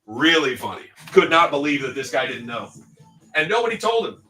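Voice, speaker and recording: A middle-aged man hosting a livestream card break tells a story in a loose, joking, casual way, swearing here and there. His mid-range voice is sing-song and sharp at a normal speed, captured by a distant mic with poor audio.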